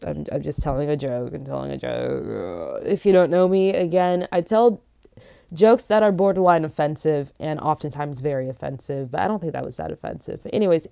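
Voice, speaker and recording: A woman's voice: lowish voice, a little mellow. A young woman hosting a casual solo podcast from home, rambling and joking with many fillers while lying down. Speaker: podcast host.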